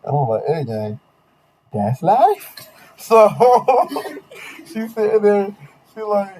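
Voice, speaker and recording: A man's voice: high voice, takes it slowly. Young guy on a podcast spilling a dating story, lots of slang, does everyone's voices, faint hiss behind. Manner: slangy, animated retelling with quoted voices. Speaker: podcast host. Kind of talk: casual storytelling chat.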